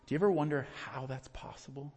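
A man preaching a sermon as a pastor, earnest, rising to emphatic peaks and then dropping low and quiet. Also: fast talker. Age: adult with young children. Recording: reverberant hall.

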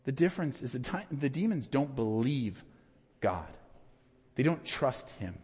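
A man's voice: mid-range voice, sing-song, a little slow, breathy edge. Man preaching in a reverberant hall. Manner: dynamic, swings from loud emphatic peaks to hushed quiet questions. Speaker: pastor. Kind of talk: sermon.

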